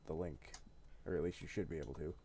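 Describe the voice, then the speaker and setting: A man's voice: extremely low pitch, steady tone, fast, dark tone, slight background noise. A man streaming a game live, laid-back and chatty, chuckling often and muttering to himself while he types. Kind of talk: casual live-stream chat.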